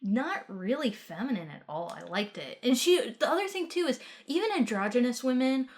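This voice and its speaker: A woman's voice: on the high side, sing-song. Blunt, swearing woman from Texas. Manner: quick asides, many "like"s. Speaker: podcast co-host. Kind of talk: casual film review chat.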